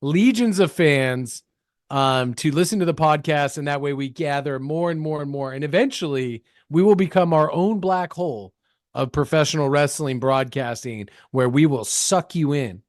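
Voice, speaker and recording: A man's voice: a little high, normal speed, dry recording, studio quality. Hammy mock-grand podcast host, man. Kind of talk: comedic podcast banter.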